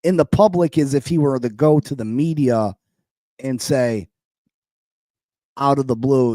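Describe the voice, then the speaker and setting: Male sports podcast host, mellow dark voice, dry close sound, heated and incredulous, repeats himself for emphasis. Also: mid-range voice, measured pace, long pauses, no echo.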